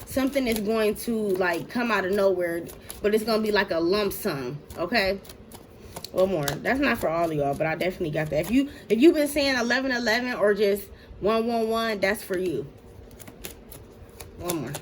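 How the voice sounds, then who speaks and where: A woman reads tarot cards for her viewers in loose, slangy talk, blunt and full of swearing. Her voice sits at a middling pitch, and a faint hiss runs underneath. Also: lively intonation, moderate pace. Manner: blunt and profane, laughs often; slangy, talks straight to "y'all". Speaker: tarot reader. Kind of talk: casual tarot reading to viewers.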